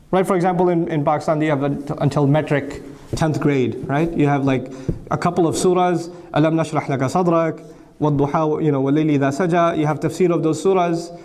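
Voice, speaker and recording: A man in his thirties delivers an educational lecture in a fairly high voice. He drives his points home with rhetorical questions and repeated phrases. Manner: rhetorical questions answered by himself; animated, repetitive emphasis. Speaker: Islamic speaker.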